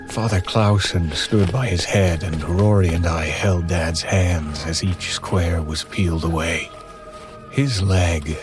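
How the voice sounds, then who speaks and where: A man narrating a horror story in a measured, somber way from a script. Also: low-pitched.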